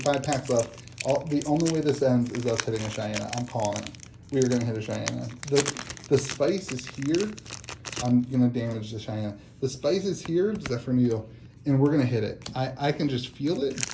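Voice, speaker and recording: Excitable man opening card packs. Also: medium pitch, background noise. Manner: excitable, laughing, exclamatory. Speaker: card channel host. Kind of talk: casual box-opening vlog. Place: home kitchen table.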